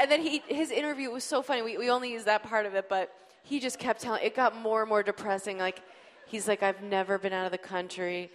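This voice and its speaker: A woman's voice: a little high, moderate pace, big-room sound, slight background noise. A woman telling stories on a live comedy panel, chatty and laughing as she goes. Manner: chatty, laughing, animated storytelling. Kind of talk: panel Q&A, casual storytelling. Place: live panel in a large venue.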